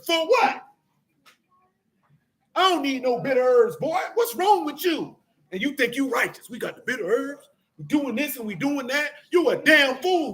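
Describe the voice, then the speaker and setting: A middle-aged man preaching a fiery sermon in street slang, scolding and sometimes shouting. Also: extremely high pitch.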